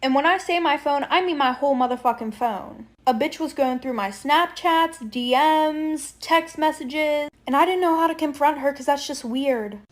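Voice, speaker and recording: Young woman, bright high voice, candid and chatty, swears casually. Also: normal speed, few pauses. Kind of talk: storytime.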